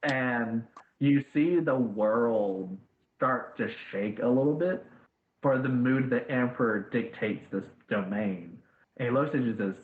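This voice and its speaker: A man's voice: mid-range voice, a little slow. A man narrating as game master in a tabletop game, in a loose, casual way. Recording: echoey tinny voice-chat line.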